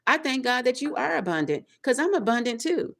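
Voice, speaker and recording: A woman's voice: high voice, very animated, a little fast, vocal fry, a bit bright. Emphatic woman preaching motivational self-talk. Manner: preachy, emphatic, repetitive, speaks in affirmations. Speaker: tarot reader.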